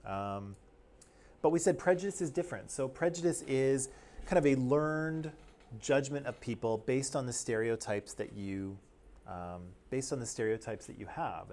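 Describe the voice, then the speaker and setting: A man's voice: medium pitch, a little mellow. Canadian man teaching, checking in often. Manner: explains step by step, often checking in with "right?". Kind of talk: classroom lecture.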